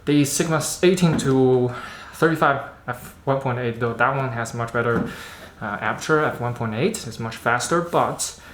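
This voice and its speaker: A man doing a casual unboxing vlog about camera gear, chatting in a halting way and thinking aloud as he handles the lens. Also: mid-range voice, fairly bright tone, a little hiss or hum. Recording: roomy echo.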